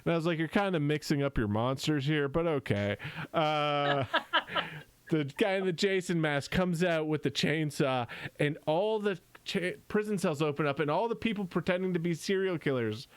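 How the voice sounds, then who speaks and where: Rambling man with a smooth voice. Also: on the high side, no echo. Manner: halting, filler-heavy, animated in quotes. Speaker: comedy group member on a livestream. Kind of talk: rambling casual storytelling.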